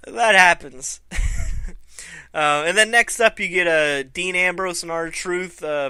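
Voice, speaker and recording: A man's voice: a little high, bright, forceful tone, clear, resonant tone, no echo. A man hosting a casual review vlog, loose and laughing, swearing freely. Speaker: vlog host.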